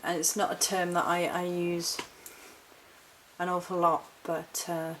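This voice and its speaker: A woman's voice: on the low side, monotone, a little slow, fairly bright tone, a little hiss or hum, poor audio. A woman chatting casually through a haul vlog, rambling and correcting herself as she goes. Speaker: witchcraft vlogger.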